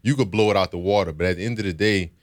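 A man's voice: sits low, rapid-fire. A young man from Louisiana, a former football player, telling his story in a reflective, earnest way in an interview. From Baton Rouge, Louisiana. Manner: reflective, earnest, with frequent "you know"s.

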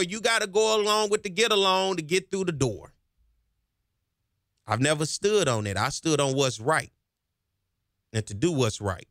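On his talk radio show, a male host delivers an energetic monologue in a slightly high, bright, forceful voice, working himself up and growing more passionate as he goes. It's recorded on a studio microphone with a close, dry sound.

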